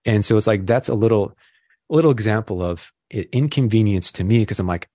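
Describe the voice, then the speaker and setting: A man's voice: lowish voice, fairly quick, warm tone, no echo, clean studio sound. A young father as a podcast guest, telling stories in a rambling, self-deprecating way with lots of fillers. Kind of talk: casual chat.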